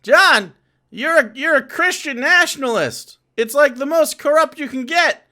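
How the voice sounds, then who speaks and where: Guy doing a super high meek european pundit parody, little halting baby sentences. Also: exaggerated voice. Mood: scolding, goofy. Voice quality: high, soft, halting childlike phrasing. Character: meek, simple-minded European parody of a male political commentator.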